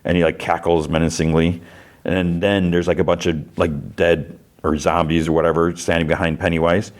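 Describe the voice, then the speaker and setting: Low-voiced man recapping casually. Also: little pitch movement, normal speed. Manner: chatty, many fillers, briefly acts out quoted lines. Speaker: podcast host.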